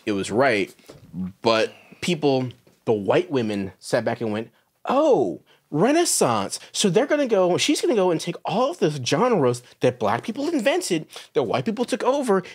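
Male co-host, lively pitch swings, slightly high, animated storyteller who mocks voices in quotes. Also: breathy edge. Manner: animated storyteller, mocking voices when quoting people. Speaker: podcast co-host. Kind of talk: casual opinionated chat. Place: recording studio.

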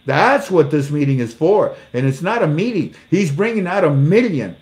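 A man's voice: fairly high pitch, sing-song, moderate pace, darkish tone. A man reading news articles aloud and mocking them with sarcastic jokes and acted-out exchanges. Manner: sarcastic, jokey, acts out little dialogues; laughs at his own jokes. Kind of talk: casual commentary.

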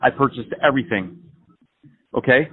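A man's voice: medium pitch, normal speed. A man making a prank phone call, ranting in a brash, profane, rambling way over the line. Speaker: prank caller.

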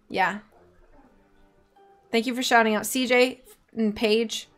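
A woman's voice: fairly high pitch, slow pace, long pauses, soft background music. Woman reading a storybook on a stream. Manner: lively, chatty with viewers. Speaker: streamer reading a book aloud.

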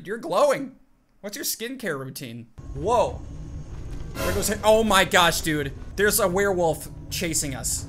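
A young man giving jokey, excited commentary as he plays a game, chatting to his companion and yelping at scares. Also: sits high. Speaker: gaming YouTuber. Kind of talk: excited let's-play commentary.

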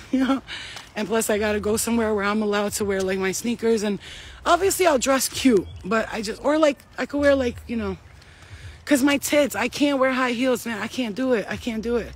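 A woman's voice: a little high, moderate pace. A woman chatting casually while walking her dog outdoors, blunt and profane and laughing often. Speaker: vlogger. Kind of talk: casual chat.

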